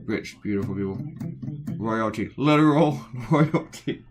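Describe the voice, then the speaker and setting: A man's voice: lowish voice, lively intonation, measured pace, faint music behind. A middle-aged American man chatting casually while he draws a cartoon, rambling with sarcastic asides. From United States. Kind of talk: casual chat while drawing.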